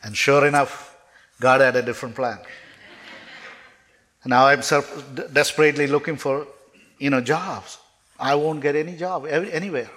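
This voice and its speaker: A man's voice: fairly high pitch, fairly even intonation, normal speed, long pauses, a bit bright. A man preaching a sermon as a personal testimony, telling his story earnestly and emotionally, often stumbling and restarting his words.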